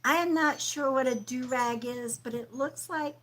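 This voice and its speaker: A woman hosting a live-stream psychic reading, speaking softly and affectionately, calling viewers sweetheart and sometimes dropping to a whisper. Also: sits high, moderate pace, rough recording. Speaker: psychic medium and livestream host.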